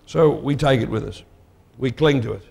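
A man's voice: mid-range voice, normal speed, vocal fry, a little mellow, slightly rough. A man preaching a sermon in a conversational, emphatic way, putting questions to his listeners. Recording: long hall reverb.

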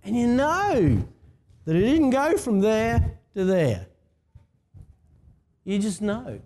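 With a high, mellow voice, an Australian pastor gives a talkative, informal sermon and calls on the congregation to answer him. Slight background noise can be heard.

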